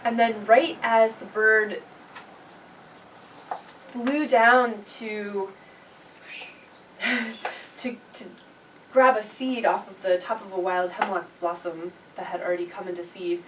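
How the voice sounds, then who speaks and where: A woman's voice: medium pitch, fairly even intonation, slow, long pauses. A woman taking her turn in an improvised group story, hesitant and giggly. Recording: distant mic, faint noise.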